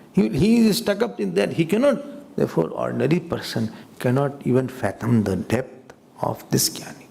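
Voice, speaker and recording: A man's voice: a little high, gravelly, slight background noise. A man with an Indian accent giving a spiritual talk to a live audience, teasing listeners and laughing between points. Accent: Indian English. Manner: lively storyteller who acts out quoted voices. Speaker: swami teaching scripture.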